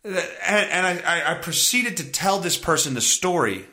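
A male podcast host delivers an exasperated story as a casual comedic rant, acting out both sides of a phone call and swinging between loud outbursts and muttered asides. His voice is fairly high, expressive, and at a moderate pace.

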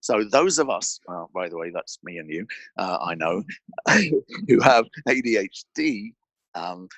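A man talking as a podcast guest, telling an animated story and restarting phrases with repeated words. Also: deep voice, measured pace, no echo. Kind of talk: conversational interview storytelling. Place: indoor studio with a mic.

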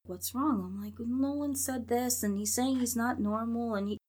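A woman's voice: a little high, normal speed, mellow. A woman in her thirties, a guest in an interview, telling her story in an earnest, rambling way and acting out what she and others said. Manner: earnest, rambling, quotes herself and others in dialogue. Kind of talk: conversational interview.

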